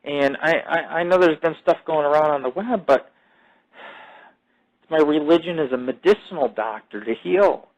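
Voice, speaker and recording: Man, show host, rambling monologue, swears a lot, drifting tangents, halting restarts. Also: on the high side, poor audio. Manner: profane, digressive, self-mythologizing; halting restarts and repeated fillers. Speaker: podcast host.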